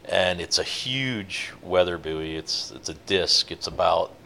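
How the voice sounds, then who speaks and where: A man telling a long fishing-boat story in a relaxed, rambling interview, with many fillers. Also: sits low, slow, vocal fry, a little hiss or hum. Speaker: guest, offshore fishing boat captain.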